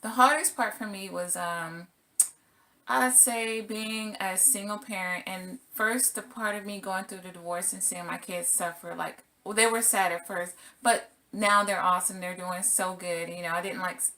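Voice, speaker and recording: Brief: middle-aged woman vlogger, casual, animated storyteller, bright tense tone. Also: medium pitch, moderate pace. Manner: animated, acts out her own exclamations. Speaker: single mother vlogger.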